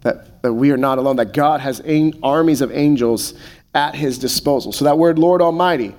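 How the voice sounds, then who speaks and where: A man in his thirties preaching a sermon, slowing to soft, deliberate pauses on key phrases. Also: medium pitch. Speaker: pastor.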